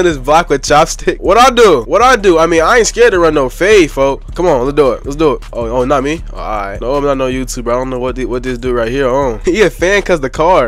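A young man giving excitable, slang-heavy gameplay commentary while chatting with other players. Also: a little high. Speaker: gaming YouTuber.

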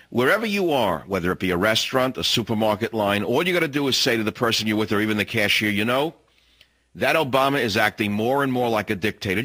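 A man's voice: medium pitch, sharp tone. A male radio talk show host in a ranting monologue, hectoring his listeners and hammering words by repeating them. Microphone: studio microphone.

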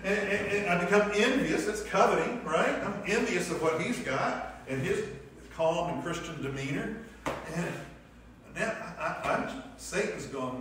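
A man's voice: high voice, lively intonation, moderate pace, background noise. Conversational man teaching a church class. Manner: conversational, asks the class questions, acts out inner voices. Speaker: Sunday school teacher. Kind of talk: church class lesson with discussion. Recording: echoey room from a distant mic.

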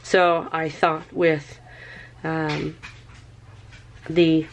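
A woman with a lowish voice talks slowly and casually as she works through a tie-dye project at home. She thinks aloud and gets excited, and a faint noise sits under the recording. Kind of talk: casual craft tutorial.

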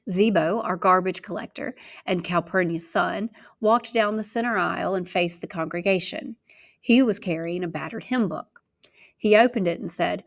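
A woman reading a novel aloud in a steady narrating manner. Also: on the low side, normal speed, creaky. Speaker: reader.

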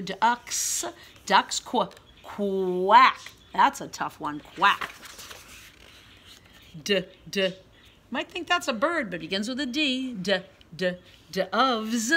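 A woman teaching a guided reading lesson for young children, sounding out letters clearly, reading quoted words loudly, and praising them often. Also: a little high. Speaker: preschool teacher.

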